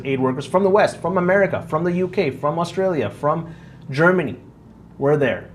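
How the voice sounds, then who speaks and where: A man's voice: medium pitch, slight background noise. A man, a physician, speaking with passion in an interview, stressing long lists. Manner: impassioned, emphatic lists. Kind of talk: interview testimony.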